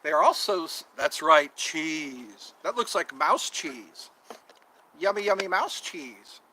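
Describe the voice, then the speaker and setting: Rambling, animated outdoor vlogger man. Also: on the high side, slight background noise, rough recording. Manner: meandering, jokey, drawn-out words. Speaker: channel host. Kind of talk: rambling casual livestream chat.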